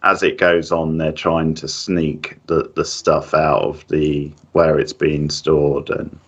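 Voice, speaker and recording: A man's voice: rumbling low, flat delivery, takes it slowly. A man co-hosting a casual film review chat, easygoing and agreeable, backing his partner up with short replies. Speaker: podcast co-host. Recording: dull lo-fi sound.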